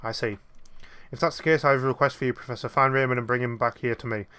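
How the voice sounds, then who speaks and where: A man's voice: mid-range voice, steady tone, fast, pushed and bright, clear, resonant tone, lightly acted. A man reading the lines of a proud, cold aristocratic lady in a puzzle game. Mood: haughty. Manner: haughty, indignant.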